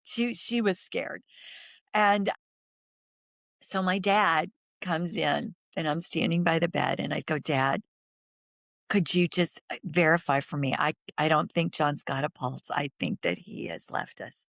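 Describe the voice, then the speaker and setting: Speaking as a guest in an interview, a middle-aged woman relates something personal in a sincere, faltering manner, her voice falling to a whisper when it gets hardest. She has a low, creaky voice with a fairly bright tone, captured cleanly in a studio without echo.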